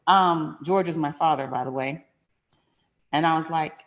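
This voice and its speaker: A woman's voice: low voice, normal speed, highs cut off. A middle-aged woman hosting a finance channel, telling a personal story in a frank, emphatic, conversational way.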